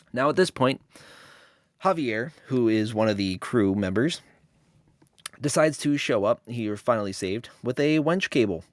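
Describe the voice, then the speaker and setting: A man with a voice on the low side hosts a podcast, recorded with no room sound. He offers casual film commentary full of sarcastic jokes.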